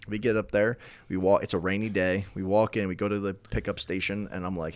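Guy on a podcast, real low voice, dry close sound, rambling with lots of likes and ums. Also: little pitch movement, fast talker, no room sound. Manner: rambling storyteller, many restarts and fillers. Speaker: podcast co-host. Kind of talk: casual chat.

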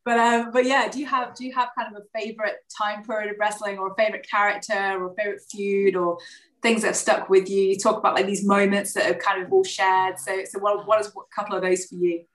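A woman's voice: mid-range voice, flat delivery, fast. A woman hosting a podcast, asking questions hesitantly with many ums and restarts. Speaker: podcast host. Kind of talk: casual interview chat. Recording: roomy sound from a distance.

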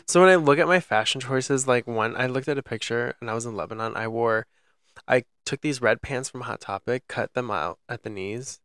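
A young man talks in a relaxed, rambling way, piling up fillers as he tells a story. His voice has a gravelly edge, and it sits in a dry, close recording with no room sound. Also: medium pitch, brisk, dry recording. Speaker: podcast co-host. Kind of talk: casual chat.

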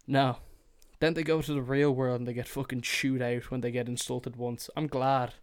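A man of middle pitch rants alone on his podcast, swearing freely and getting worked up. He keeps slipping into whiny mocking voices to make his point. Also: flat delivery, normal speed. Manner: profane, heated, swears freely; slips into mocking whiny impressions. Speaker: podcast host. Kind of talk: solo ranting monologue.

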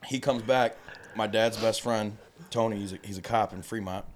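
Man, low voice, profane animated storyteller on a chat podcast. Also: moderate pace, slight background noise. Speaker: podcast guest. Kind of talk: casual storytelling.

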